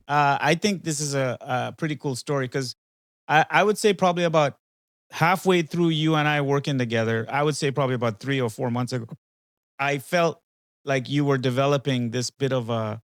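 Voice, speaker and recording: A man's voice: medium pitch, no room sound. A man hosting a casual talk with an AI companion, rambling and hesitant, with frequent fillers and restarts. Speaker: podcast host.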